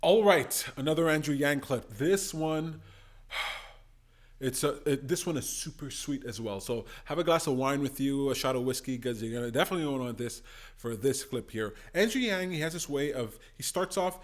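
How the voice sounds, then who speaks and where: A man hosting a political commentary channel, reacting to debate clips with animated, indignant outbursts. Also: mid-range voice, moderate pace. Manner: animated, bursts into indignant exclamations.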